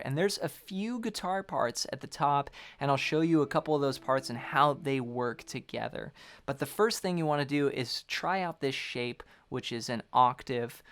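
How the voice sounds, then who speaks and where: A man's voice: on the high side, fairly bright tone, smooth. Upbeat male guitar teacher. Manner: upbeat, explains step by step, counts beats aloud. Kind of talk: guitar lesson.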